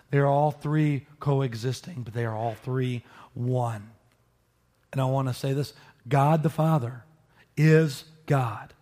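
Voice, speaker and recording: A man preaching a sermon, teaching with animated emphasis and joking with his listeners. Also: medium pitch. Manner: animated, rises sharply for emphasis, jokes with listeners. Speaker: pastor.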